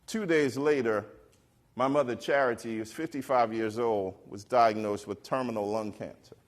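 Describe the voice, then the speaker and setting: A middle-aged man on stage telling a personal story to an audience, animated and acting out the voices of the people he quotes. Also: mid-range voice, moderate pace. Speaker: keynote speaker. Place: stage before a live audience.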